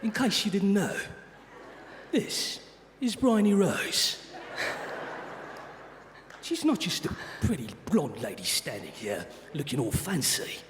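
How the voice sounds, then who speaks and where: A man putting on a gruff British tough guy. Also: high-pitched, sing-song, slow, long pauses, a crowd in the background, heavily acted. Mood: mock-gruff. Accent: put-on British. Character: gruff British action-hero man impression. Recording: echoey hall with long reverb.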